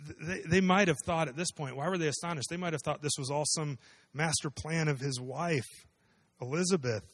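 A man's voice: on the high side, fairly quick, dry recording. Man preaching a conversational sermon. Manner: conversational preaching, asks the listeners questions. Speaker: pastor.

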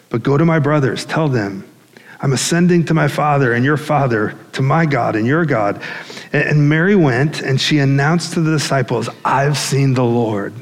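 Man preaching in a reverberant hall. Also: mid-range voice. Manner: conversational, animated storytelling with acted-out quotes. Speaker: pastor. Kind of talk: sermon.

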